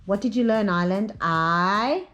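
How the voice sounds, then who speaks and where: A woman's voice: mid-range voice, lively intonation, a little slow, lo-fi sound. A young woman and mother filming a casual family vlog in a park, coaxing her toddler in a sing-song voice. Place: outdoors in a park. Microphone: handheld phone camera. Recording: background music over the voice.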